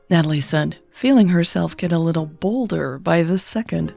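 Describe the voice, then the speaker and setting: A woman reads a romance story aloud in a calm, even storytelling manner. Her voice is fairly low and carries a gravelly fry. Faint music plays under her reading. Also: normal speed, hardly any pauses. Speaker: podcast host and narrator.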